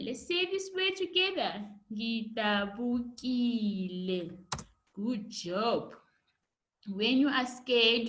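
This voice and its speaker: A woman teacher giving a recorded home lesson, slowly modelling each word for children to repeat. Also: sits high, fairly bright tone. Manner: slow, drawn-out modelling of words for repetition. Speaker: primary school teacher.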